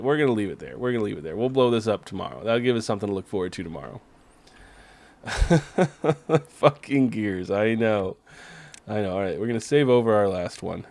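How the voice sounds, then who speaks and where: A man casually commentating his gameplay on a stream, chatty and excitable, cursing now and then. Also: on the low side, fairly quick, no room sound. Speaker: game streamer.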